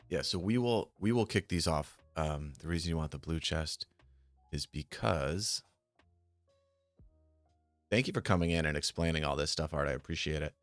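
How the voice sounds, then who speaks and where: Deep-voiced man streaming live. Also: moderate pace, pauses often, no room sound. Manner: muttering, swears when frustrated. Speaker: streamer trading options. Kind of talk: casual live-stream chat. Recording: faint music behind. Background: faint music.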